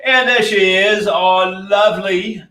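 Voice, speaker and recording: A man's voice: sits high, unhurried, reverberant, far from the mic. A man co-hosting a casual livestream, jokey and upbeat, greeting viewers by name. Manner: jokey, lively, reads out viewer names. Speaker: livestream co-host.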